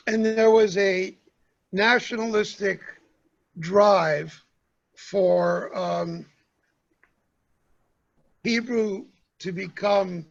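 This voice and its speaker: A man lecturing to a congregation, speaking slowly and pausing often, with "um"s between his points. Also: high voice, creaky, a bit bright, lo-fi sound. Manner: slow, measured delivery with pauses and fillers. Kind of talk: talk to a congregation.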